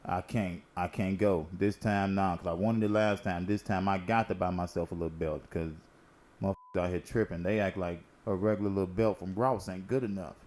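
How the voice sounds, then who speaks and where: A man's voice: low voice, steady tone, fairly quick, a little mellow. A man hosting a casual current-events talk, telling stories in a laid-back, slangy and profane way while smoking. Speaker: host.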